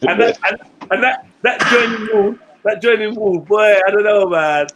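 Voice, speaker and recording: A man tells a story in animated, blunt, slangy chat. His voice sits fairly high. There is faint noise behind him. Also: moderate pace. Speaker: podcast co-host.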